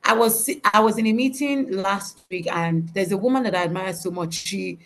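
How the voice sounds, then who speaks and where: A woman's voice: medium pitch, normal speed, fairly bright tone. A woman giving a faith-based motivational talk over a video call, emphatic and preacherly, repeating her key words. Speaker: motivational speaker.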